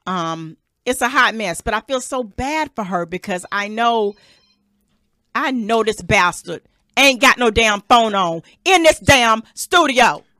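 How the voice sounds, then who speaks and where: A woman's voice: fairly high pitch, lively intonation, unhurried, pushed and bright, dry recording. A woman hosting a casual talk podcast in a small studio, blunt and exasperated, swearing freely as she talks. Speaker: radio and podcast host. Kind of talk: casual talk show banter. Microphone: studio mic.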